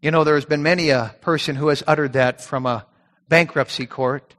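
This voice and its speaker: Man, pastor, sermon, slightly high voice, conversational, repeats words, long church reverb. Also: steady tone, a bit bright. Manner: conversational preaching, repeats words, reads scripture slowly.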